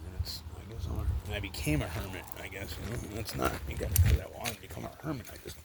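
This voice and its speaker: A man's voice: fairly low pitch, animated, fast talker, creaky, heavy background noise. A man of forty rambling and swearing through an emotional confessional monologue at home, with lots of fillers. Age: 40s. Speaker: vlogger. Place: at home, indoors.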